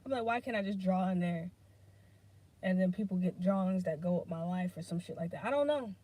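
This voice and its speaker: A woman's voice: on the low side, brisk, mellow. A woman hosting a casual solo podcast, rambling between topics and swearing freely as she talks things through. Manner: drifts between topics, many fillers. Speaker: podcast host.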